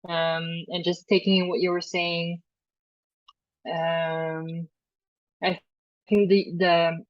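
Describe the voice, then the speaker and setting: A woman in a coaching group speaks hesitantly, with lots of ums and restarts. Her voice sits a bit low, and the sound is dull and dry like a call line. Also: level tone, slow, no echo. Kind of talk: casual chat.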